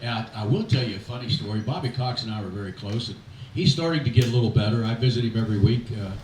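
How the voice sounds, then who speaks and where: A man's voice: mid-range voice, slight background noise. An older man, a retired coach, telling folksy anecdotes at an event, with many fillers and acted-out quotes. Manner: folksy anecdotes, quoting others in animated voices, halting fillers. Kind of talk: after-dinner storytelling speech. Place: event hall. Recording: echoey hall, mic heard from a distance.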